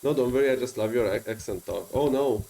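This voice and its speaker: A man's voice: mid-range voice, fast talker, creaky, mellow, rough recording. A man with a strong non-native English accent, chatting casually and rambling with many fillers while streaming a game. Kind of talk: casual gaming stream chat.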